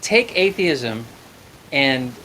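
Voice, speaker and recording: A man's voice: mid-range voice, animated, very slow, bright, forceful tone, slight background noise. A man hosting a live call-in show, talking reflectively about faith and therapy and quoting scripture. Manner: reflective, preachy, quotes scripture. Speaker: host.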